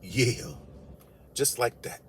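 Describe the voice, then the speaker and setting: A man delivering an animated storytelling monologue, emphatic and incredulous, his voice climbing when he gets worked up. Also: mid-range voice, very slow, a little hiss or hum. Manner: emphatic, incredulous, rises sharply when outraged.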